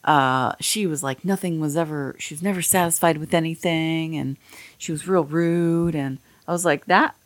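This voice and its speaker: A woman hosting a podcast who talks in a low, unhurried voice. She rambles candidly and swears freely. The sound is dry and close. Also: dry recording. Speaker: podcast host. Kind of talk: casual chat.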